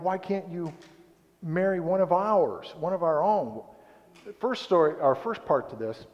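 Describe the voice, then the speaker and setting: Guy preaching a sermon, chatty and rambly, dull muffled sound in a big echoey church. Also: medium pitch. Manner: rambling, conversational, self-interrupting. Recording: dull recording in a reverberant hall.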